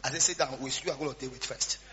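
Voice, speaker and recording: A man preaching a storytelling sermon, swinging between quiet asides and loud shouts. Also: mid-range voice, very fast. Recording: dull lo-fi sound with faint hum.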